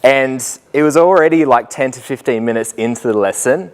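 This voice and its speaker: A man's voice: medium pitch, fairly quick, clean tone. A young Australian man, a student teacher, tells stories to a group in a chatty, self-mocking way and laughs often as he talks. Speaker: student teacher giving a talk. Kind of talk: storytelling talk to a live group.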